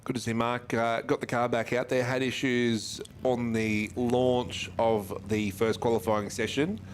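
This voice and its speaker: A man calling drag races live, chatty and quick with times and speeds. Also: medium pitch, level tone. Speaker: drag racing commentator. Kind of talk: live race commentary. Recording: faint track noise behind.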